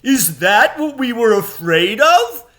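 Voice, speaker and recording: A man voicing a jeering mob of hags, dwarves and apes in a read-aloud storybook, with high, mocking taunts. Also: big pitch swings, slow pace, pushed and bright, heavily acted.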